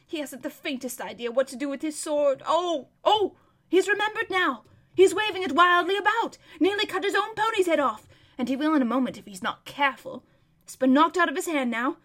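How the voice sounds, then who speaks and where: A woman's voice: high-pitched, a little fast, a bit bright. A woman voicing an old male hermit who describes a distant battle as a vivid, emphatic running commentary. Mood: anxious.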